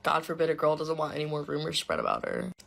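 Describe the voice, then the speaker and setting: Young woman doing a storytime, low and fry-heavy, super chatty and blunt, swears a lot. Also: huge pitch swings, fast, a bit bright, slight background noise. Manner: chatty and blunt, swears freely, many "like" fillers. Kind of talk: casual storytime.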